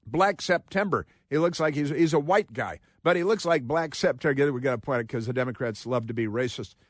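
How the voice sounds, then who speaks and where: Talk radio host, male, mid-pitched, close dry studio sound, sarcastic and combative. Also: fairly quick, no room sound. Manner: combative, sarcastic, mocking asides. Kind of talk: opinionated talk radio monologue.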